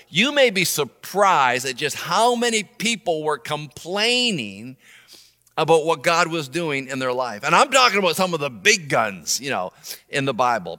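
A middle-aged man preaching a sermon, animated, swinging between loud emphasis and soft low asides. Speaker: pastor. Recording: long reverb of a large room.

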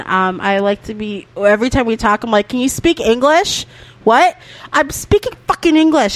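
A young woman co-hosting a podcast, telling lively family stories, laughing often and swearing casually. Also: medium pitch. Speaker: podcast co-host. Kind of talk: casual chat.

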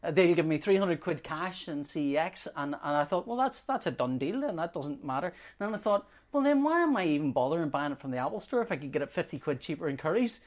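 Lively woman storyteller. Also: low-pitched, quick pace, hardly any pauses. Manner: animated storyteller, laughs often. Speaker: podcast co-host. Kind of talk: casual chat.

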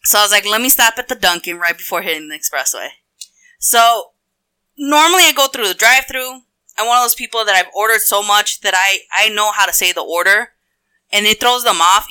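Bright, crisp-voiced woman telling a rant. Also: medium pitch, a little fast. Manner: profane, exasperated, animated storytelling. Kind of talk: casual storytelling chat.

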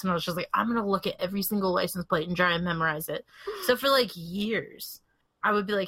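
A woman's voice: on the low side, fast, a bit bright. A woman co-hosting a true-crime podcast who reacts bluntly and swears freely, talking over a remote call. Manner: blunt, profane, fired-up reactions. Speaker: podcast co-host.

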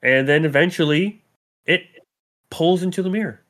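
A man acting as game master, calmly describing scenes and calling for rolls. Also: a little high, normal speed. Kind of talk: running a tabletop game.

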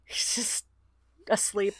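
A woman's voice: takes it slowly, no room sound, whispered, studio quality. A woman co-hosting a book podcast, recapping chapters in casual chat, laughing often and swearing freely. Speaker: podcast co-host.

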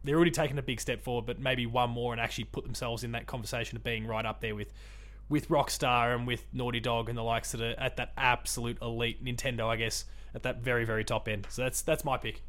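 A man's voice: mid-range voice, flat delivery, fast, fairly bright tone. A man hosting a casual gaming podcast, talking in a rambling, chatty way with frequent restarts. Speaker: podcast host.

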